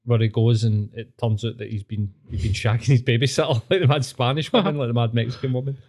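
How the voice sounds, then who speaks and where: A Scottish man with a Glaswegian accent co-hosts a loose podcast chat, blunt and quick to swear. His voice is mid-pitched and dark, with a mellow, relaxed tone. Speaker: podcast co-host. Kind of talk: casual chat.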